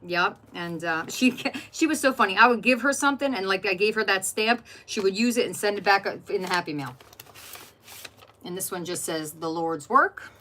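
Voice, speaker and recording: A woman's voice: mid-range voice, normal speed, sharp tone, slight background noise. Chatty woman showing her art journal. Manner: chatty, greets live viewers by name. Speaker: art journaling channel host. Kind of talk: casual chat while flipping through a journal.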